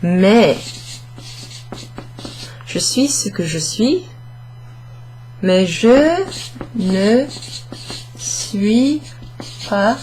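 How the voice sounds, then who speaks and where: Speaking extremely slowly and pausing often, a woman with a mid-range, somewhat mellow voice and lively intonation teaches French to the camera step by step, fixing her own mistakes out loud. The online lesson is recorded indoors under a hot studio light, with a little hiss or hum audible.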